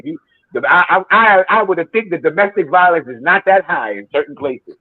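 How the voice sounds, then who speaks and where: A man hosting a football watchalong, telling animated stories with plenty of swearing. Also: fairly high pitch, normal speed, no echo, phone-quality sound. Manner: animated storytelling, heavy swearing, acts out quotes. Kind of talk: casual watchalong chat.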